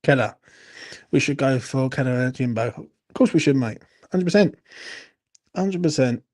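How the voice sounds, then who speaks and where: A man's voice: mid-range voice, lively intonation, moderate pace, darkish tone. A man hosting a late-night fan Q&A, tipsy, swearing and ranting with laughing banter. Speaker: fan channel host. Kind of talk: late-night live Q&A chat.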